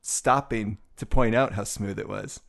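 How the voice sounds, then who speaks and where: A man's voice: lowish voice, steady tone, unhurried, vocal fry, a bit bright. A man co-hosting a podcast in casual chat, rambling and joking at himself. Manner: rambling, self-mocking, many restarts. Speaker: podcast co-host.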